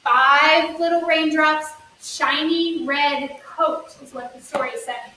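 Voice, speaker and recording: A woman's voice: high-pitched, steady tone, slow pace, pushed and bright. A woman leading a children's story yoga class, reading a counting story in a sing-song, encouraging voice with playful sound effects. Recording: echoey room, distant mic, faint hiss.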